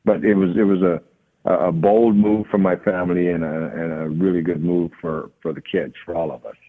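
A man with a Jamaican accent, a guest in a casual interview, telling stories in a relaxed way with many fillers. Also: low voice, normal speed. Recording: phone-line audio.

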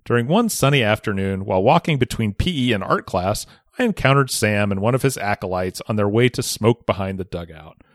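A man co-hosting a podcast, reading a listener's letter aloud with expressive storytelling. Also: lowish voice, a little fast, few pauses, no echo, clean studio sound. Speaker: podcast co-host.

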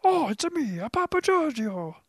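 A man's voice: extremely high pitch, very animated, normal speed, no room sound, clean studio sound, voice pushed up. A man voicing a cartoonish Italian man caricature with an exaggerated put-on Italian accent, in a sing-song, hammy way.

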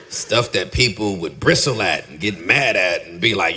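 A middle-aged man, a pastor and podcaster, talking candidly in an interview and acting out his stories with lively dialogue. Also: normal speed, hardly any pauses, husky. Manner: animated storyteller, acts out dialogue in a high voice.

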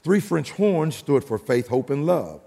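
A man's voice: a little high, big pitch swings, measured pace, vocal fry, dark tone, in a large hall. A man preaching a recorded sermon, explaining and calling the congregation to repeat after him. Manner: explains and calls for audience repetition. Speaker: pastor.

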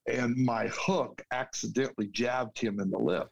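A man tells a personal story as a guest. His voice sits at an ordinary middle pitch. He speaks earnestly and from the heart, often restarting his sentences. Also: steady tone, a little slow, creaky, poor audio. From United States.

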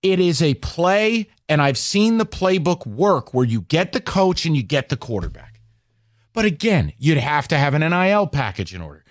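A man hosting a sports radio show, arguing his case with sarcasm and animated emphasis. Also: fairly high pitch, moderate pace, no echo, clean studio sound. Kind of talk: heated sports talk radio. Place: radio studio.

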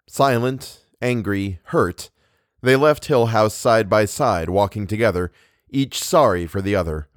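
A man narrating a novel as an audiobook in a measured, unhurried way. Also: fairly low pitch, no room sound, clean studio sound. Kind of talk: audiobook reading.

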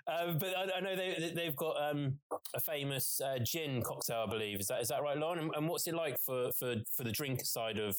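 Man, podcast host, playful and halting, dead-dry sound. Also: a little high, dry recording. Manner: playful, hesitant, with many fillers. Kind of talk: conversational podcast interview.

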